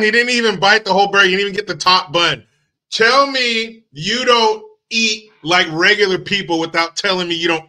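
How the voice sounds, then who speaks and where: A channel host with a high, bright, forceful voice rants about a video clip. His commentary is sarcastic, mocking and profane.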